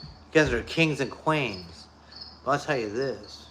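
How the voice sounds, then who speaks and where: A man's voice: mid-range voice, expressive, measured pace, a bit bright, a little hiss or hum. A man talking straight to his viewers in an off-the-cuff monologue, blunt and profane, repeating himself for emphasis. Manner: blunt, profane, repetitive ranting. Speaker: YouTuber.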